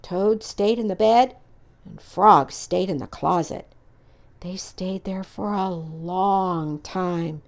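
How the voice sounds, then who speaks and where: A woman reading a children's picture book aloud in an expressive, animated way. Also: lowish voice, gravelly. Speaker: storyteller.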